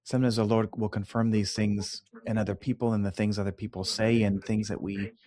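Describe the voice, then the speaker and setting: A man hosting a faith interview, measured and affirming as he responds to his guest. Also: fairly low pitch, level tone, darkish tone. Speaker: host.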